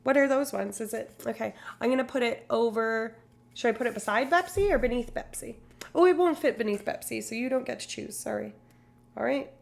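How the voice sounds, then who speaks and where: Woman streamer rambling on, kinda high, gravelly fry in her voice. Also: brisk. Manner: rambling, chatty, swears casually. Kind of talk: casual live stream chat.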